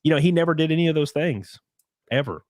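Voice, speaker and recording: A man's voice: on the high side, expressive, quick pace, darkish tone, no room sound, clean studio sound. A young man in casual podcast chat, telling rambling stories, swearing and laughing often.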